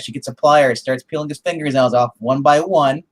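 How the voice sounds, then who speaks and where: A man's voice: on the high side, steady tone, quick pace, poor audio. A man co-hosting a comic review in casual chat, retelling the story with many restarts and fillers.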